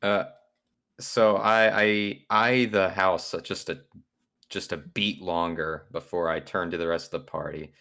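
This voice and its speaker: A man's voice: deep voice, steady tone, a little slow, gravelly, bright, forceful tone. A man playing in a tabletop game, rambling and hesitant. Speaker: player. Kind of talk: tabletop game play, casual chat.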